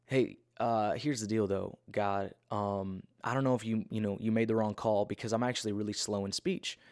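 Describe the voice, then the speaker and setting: A man's voice: fairly low pitch, steady tone, moderate pace, a little mellow, no echo, clean studio sound, lightly acted. A man voicing Moses as a hesitant, reluctant man making excuses in a retold Bible story.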